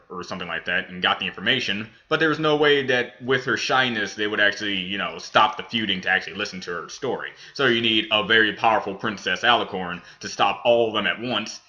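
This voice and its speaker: A man's voice: fairly low pitch, sharp tone, highs cut off. A man hosting a reaction video, reviewing a cartoon episode in a rambling, casual way with many restarts. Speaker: reaction channel host.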